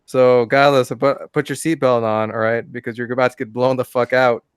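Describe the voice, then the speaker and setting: A man's voice: medium pitch, little pitch movement, normal speed, smooth, no echo, clean studio sound. A man hosting a livestream debate, wryly moderating guests and reading out viewer messages. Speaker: livestream host.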